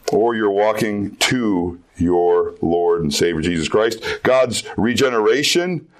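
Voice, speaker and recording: A man giving a youth sermon as pastor, earnest and emphatic, repeating key phrases for weight. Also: fairly low pitch.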